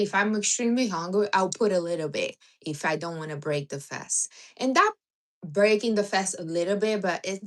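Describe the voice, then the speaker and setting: Blunt, teasing woman hosting a livestream. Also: medium pitch. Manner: blunt, teasing advice with non-native grammar. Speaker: livestream host. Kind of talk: casual livestream chat.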